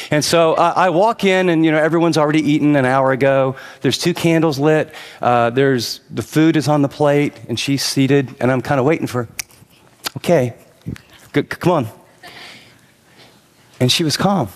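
A man preaching a sermon, telling a personal story in a conversational way and building to emphatic exhortation. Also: fairly high pitch. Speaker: pastor. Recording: long hall reverb.

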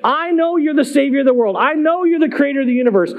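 A frantic mother cries out for mercy for her child, her voice raised and high. She sounds reverent and urgent, begging without pause, as a male preacher puts her on. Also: expressive, dull audio. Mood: pleading. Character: desperate pleading mother begging for her daughter.

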